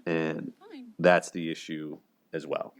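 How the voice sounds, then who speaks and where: A man's voice: very deep voice, flat delivery, slow. A man casually talking through a TV relationship, full of fillers, paraphrasing scenes in a lightly acted tone. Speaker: video commentator. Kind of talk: casual commentary on a TV show.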